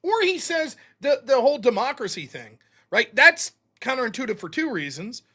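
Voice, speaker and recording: Male host, high and bright voice, animated debate recap with mocking asides. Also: moderate pace, husky. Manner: animated, mocking, quotes opponents in put-on voices.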